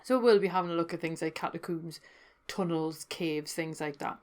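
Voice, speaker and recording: A woman's voice: fairly low pitch, normal speed, a little mellow. A woman hosting a folklore podcast, telling legends in a chatty way with wry asides. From North East England. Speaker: podcast host. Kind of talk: casual folklore storytelling.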